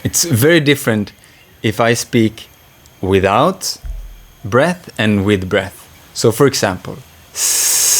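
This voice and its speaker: A man teaching voice and breathwork in a calm, gentle way, pausing to breathe and sigh as he demonstrates. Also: lowish voice. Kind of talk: calm spoken lesson.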